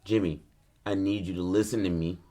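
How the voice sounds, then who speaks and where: A man's voice: on the low side, measured pace, fairly bright tone. A man voicing a stern middle-aged father who barks curt orders and curses at his son. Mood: angry.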